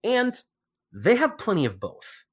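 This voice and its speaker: A man's voice: sits high, wildly swooping pitch, measured pace, breathy edge. A man co-hosting a casual podcast, rambling with lots of fillers and restarts. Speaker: podcast co-host. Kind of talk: casual chat.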